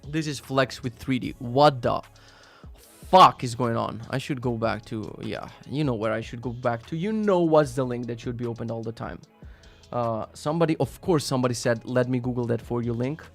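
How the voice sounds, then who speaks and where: Reading viewer links aloud on his live stream, a man responds in a sarcastic, profane, casual way, alternating loud rants with mumbled asides. He has a gravelly, medium-pitched voice at normal speed, with soft music playing behind him.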